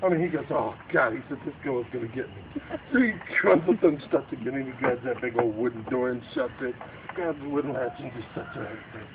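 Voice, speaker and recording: A man's voice: medium pitch, fast, hardly any pauses. A man telling a spooky story to family around a bonfire at night, acting out the panicked lines of the people in it. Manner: lively, acts out the characters' panicked lines. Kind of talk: animated spooky campfire storytelling. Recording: tinny, noisy home video.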